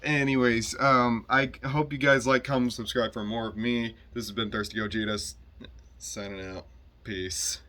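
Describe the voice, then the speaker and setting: A man's voice: on the low side, steady tone, normal speed, fairly bright tone. A man giving a casual, rambling review of a toy, full of fillers and restarts and freely swearing.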